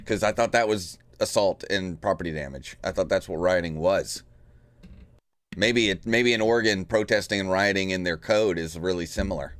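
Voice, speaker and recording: Low-voiced Southern man musing aloud. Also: moderate pace, a bit bright, no room sound. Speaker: podcast co-host. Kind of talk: casual political talk.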